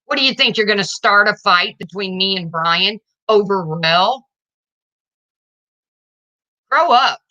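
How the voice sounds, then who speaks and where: A woman's voice: medium pitch, normal speed, hardly any pauses, pushed and bright, lo-fi sound. A woman livestreaming to her viewers, ranting in an indignant, confrontational way and addressing them directly.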